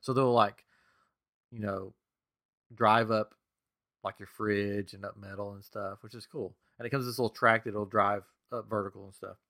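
A middle-aged man on a podcast, telling a funny home story in a casual, animated way and laughing often. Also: on the low side, moderate pace, no room sound, clean studio sound. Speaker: podcast co-host.

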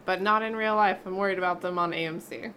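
A woman's voice: on the low side, fast, heavy background noise. A woman hosting a casual panel chat, reading out entertainment news with wry asides. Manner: animated, reads news items aloud with wry asides. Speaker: show host presenting entertainment news.

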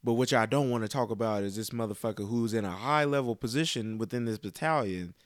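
A man talking frankly and profanely in casual chat, animated as he vents. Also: mid-range voice, fast talker, no room sound, clean studio sound.

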